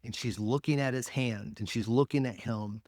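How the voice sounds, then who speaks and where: Male pastor, mid-pitched, chatty sermon delivery with big loud-to-hushed swings, dry close sound. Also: normal speed, no echo. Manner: conversational, emphatic preaching with sudden loud peaks and hushed drops.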